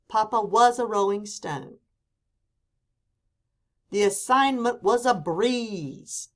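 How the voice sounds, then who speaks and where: A woman teacher giving a classroom lecture, speaking deliberately and reading quoted examples with emphasis. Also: mid-range voice.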